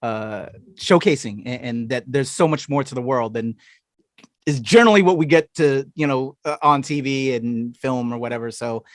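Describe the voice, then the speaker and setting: A man's voice: mid-range voice, normal speed, no echo, studio quality. A man hosting a podcast interview, enthusiastic and affirming toward his guest. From United States. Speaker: podcast host.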